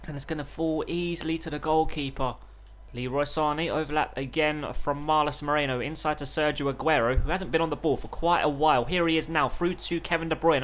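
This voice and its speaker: A young gaming YouTuber with a fairly high voice gives live play-by-play on a football video game. He swings between calm narration and loud, excited outbursts.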